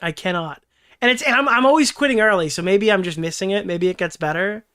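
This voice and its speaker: A man's voice: sits high, fast, bright, forceful tone, clear, resonant tone. A young man hosting a casual livestream, rambling and swearing as he answers chat, laughing often and slipping into mocking impressions. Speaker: streamer and commentary host.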